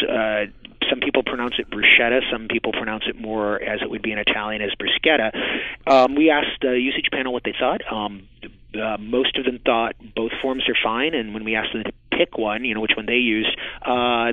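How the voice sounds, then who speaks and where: A man's voice: mid-range voice, steady tone, a little fast, no room sound. A man explaining dictionary entries in a radio interview, hesitant, with many fillers and restarts. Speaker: dictionary editor guest. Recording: phone line.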